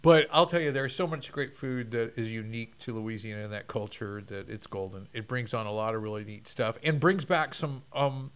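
A man's voice: medium pitch, normal speed, few pauses, a bit bright, clear, resonant tone. A man from Texas chatting casually as co-host, rambling with lots of fillers and restarts. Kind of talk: casual chat.

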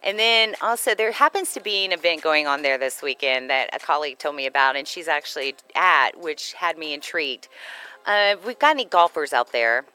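A woman's voice: deep voice, lively intonation, a little fast, pushed and bright, smooth, poor audio. A woman co-hosting a casual chat, playful and jokey, laughing often. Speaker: co-host.

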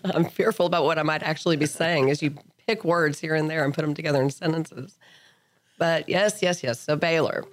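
A woman's voice: low voice, no echo. Woman speaking through a cold. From Lubbock, Texas. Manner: self-deprecating, good-humored. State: has a cold. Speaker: guest, judicial candidate. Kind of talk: radio interview.

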